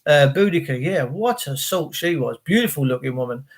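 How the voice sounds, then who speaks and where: A man's voice: on the high side, expressive, fairly quick, breathy edge. A man hosting a livestream, rambling and swearing bluntly as he chats. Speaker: livestream host. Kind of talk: casual rambling livestream rant.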